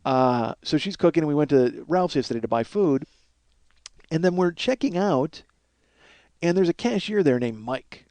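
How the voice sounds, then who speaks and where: A man's voice: a little high, expressive, moderate pace, a little mellow, dry recording. A man hosting a podcast, telling a rambling, profane comic story with mounting exasperation. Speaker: podcast host.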